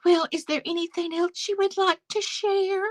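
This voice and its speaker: A woman's voice: very high-pitched, fairly even intonation, normal speed, voice pushed up. A woman mimicking an awkward, prying woman interviewer with a hesitant, mock-polite delivery.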